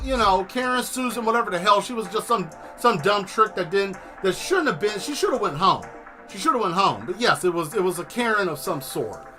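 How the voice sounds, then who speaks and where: A man hosting a casual stream, telling a long exasperated story with plenty of swearing and animated asides. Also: high voice. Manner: exasperated, profane, animated retelling. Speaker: host.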